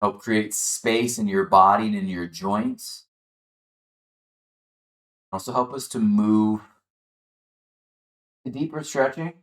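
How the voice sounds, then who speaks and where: A man leading a chair yoga class, calmly guiding the listener through breathing and gentle movement. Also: lowish voice, echoey room. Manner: calm, encouraging, guiding the breath step by step. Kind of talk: guided exercise instruction.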